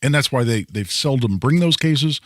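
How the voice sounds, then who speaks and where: A man's voice: medium pitch, animated, moderate pace, dry recording. A man hosting a call-in radio show about gun law, explaining points in a conversational way and often restarting phrases. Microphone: studio microphone.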